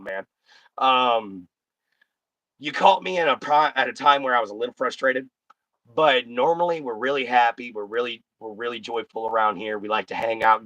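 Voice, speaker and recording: A man's voice: medium pitch, a bit bright, dry recording. Blunt folksy man chatting to his viewers. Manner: blunt, folksy, talks straight to chat. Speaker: live-stream host. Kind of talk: casual live-stream chat.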